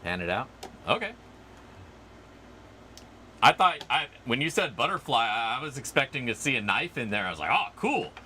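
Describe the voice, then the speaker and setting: A man's voice: medium pitch, big pitch swings, normal speed, pauses often, pushed and bright, slight background noise. A man hosting a casual livestream outdoors, rambling and chatty as he answers viewer comments. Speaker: livestream host.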